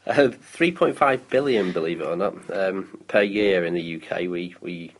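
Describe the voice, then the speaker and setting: A British man in his thirties talks casually on local radio about council recycling, full of ums and restarts. His voice is low and his pace moderate, though the audio quality is poor.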